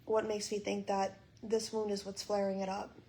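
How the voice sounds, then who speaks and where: Young woman vlogger, hospital room, angry and swearing as she vents; level, monotone voice. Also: mid-range voice, normal speed, rough recording. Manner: frustrated, swearing, quoting others in dialogue. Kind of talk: venting to camera.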